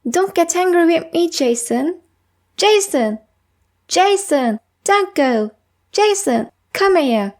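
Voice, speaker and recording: A woman's voice: high voice, lively intonation, measured pace, a little mellow. A woman reading as a playful young girl. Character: young girl, teasing then apologetic.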